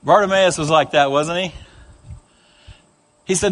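A man preaching a sermon, telling stories in a conversational, animated way. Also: fairly high pitch, a little slow. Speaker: pastor.

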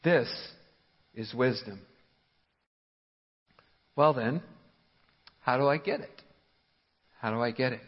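A man preaching a sermon slowly and emphatically, asking the listeners rhetorical questions. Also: medium pitch, slightly rough. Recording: muffled sound with long hall reverb.

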